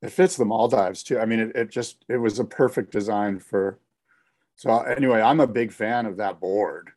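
Low-voiced man, enthusiastic podcast co-host. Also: moderate pace, darkish tone. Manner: enthusiastic, rambling, with frequent restarts and "you know". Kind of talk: casual podcast chat.

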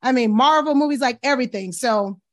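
A woman's voice: sits high, brisk. A woman co-hosting a talk show in casual, emphatic chat with her fellow hosts. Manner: chatty, emphatic, calls others "girl".

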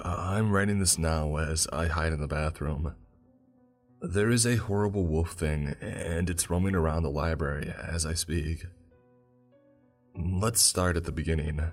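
A man narrating a first-person horror story in a calm, steady manner. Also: a bass voice. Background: faint music.

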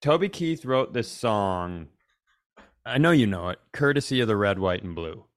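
A man's voice: fairly low pitch, animated, moderate pace. A man co-hosting a casual comedy podcast, joking around and sometimes breaking into an exaggerated twangy sing-along. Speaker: podcast co-host.

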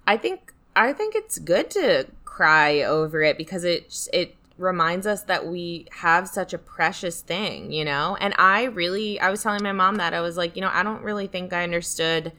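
Bright-toned young woman chatting casually. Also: lowish voice, lively intonation, normal speed. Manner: rambling, filler-heavy, emphatic. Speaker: podcast co-host. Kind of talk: casual chat.

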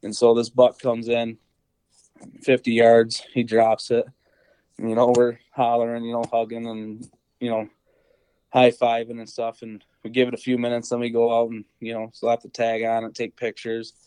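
A man's voice: mid-range voice, monotone, normal speed, mellow, clean tone, no room sound, low-quality recording. A young man, a podcast guest, telling a hunting story in a rambling casual way, full of fillers and acted-out quotes. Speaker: podcast guest, deer hunter.

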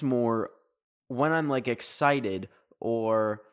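A young man from Canada hosting a podcast, talking casually in a rambling, animated way, full of fillers. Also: medium pitch, drawn-out words, smooth. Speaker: podcast host.

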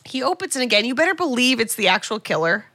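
Woman podcast host, bright forceful voice, dry close sound, animated storytelling with sarcastic asides. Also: a little high, quick pace, no room sound. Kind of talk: casual film recap chat.

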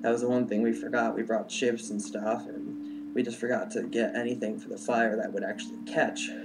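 A man's voice: mid-range voice, flat delivery, fairly quick, music in the background. A young adult man telling a personal story in a casual, rambling way, full of "like" and "um". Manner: rambling, heavy use of "like" and "um".

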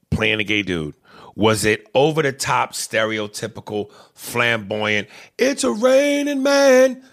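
A man co-hosting a podcast, chatting in an animated, opinionated way with some swearing. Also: mid-range voice. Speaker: podcast co-host. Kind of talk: casual chat.

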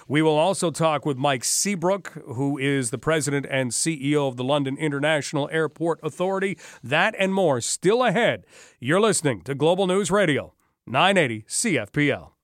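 A man's voice: fairly high pitch, no echo. A man hosting talk radio from a studio mic, conversational and wry, with dry sarcasm. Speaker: radio talk show host. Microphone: studio microphone.

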